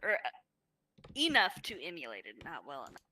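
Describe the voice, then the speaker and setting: A woman's voice: deep voice, huge pitch swings, brisk, bright, forceful tone. A woman in casual gaming chat, blunt and teasing with her friends. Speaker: fellow player. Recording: distant mic with background noise.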